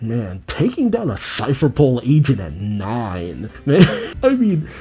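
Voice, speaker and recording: A man recaps a manga chapter in a casual reaction style. His voice is very dark and mellow. He mixes plain narration with excited asides and laughter. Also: medium pitch, husky. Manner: narrates scenes, then reacts with exclamations and laughs. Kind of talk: casual commentary and reading aloud.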